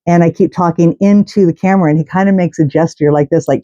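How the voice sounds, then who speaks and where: A woman's voice: lowish voice, steady tone, quick pace, warm tone, dry recording, muffled recording. Chatty woman telling a story to camera. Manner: chatty and rambling, with restarts. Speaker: host. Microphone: camera mic.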